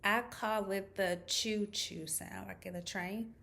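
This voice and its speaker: A woman speech therapist talks to young learners at an unhurried pace. She spells out each sound with careful, exaggerated mouth shapes and patient repetition, her pitch sitting in a comfortable middle range. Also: steady tone, noisy background. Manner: slow, clear over-articulated modeling of sounds. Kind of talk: children's speech lesson.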